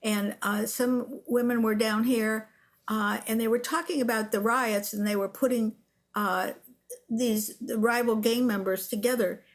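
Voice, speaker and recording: Older woman telling an animated story. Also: on the high side, a little slow. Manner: animated storyteller who acts out quotes. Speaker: guest. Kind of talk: storytelling interview.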